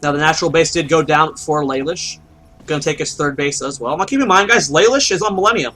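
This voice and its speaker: Bright-voiced man casting a strategy game. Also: a little high, fast, rough recording. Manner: chatty, explains builds, thinks aloud and asks himself questions. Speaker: esports caster. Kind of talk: solo play-by-play commentary.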